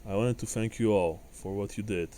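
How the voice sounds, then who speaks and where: A man's voice: lowish voice, moderate pace, mellow, natural voice. Man voicing a grave city official. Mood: grave, formal.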